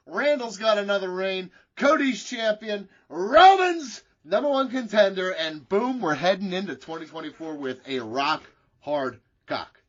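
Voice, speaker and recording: A man's voice: high voice, a bit bright. A man co-hosting a wrestling podcast, telling a rambling, profane story in casual chat. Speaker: podcast co-host. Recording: dull lo-fi sound.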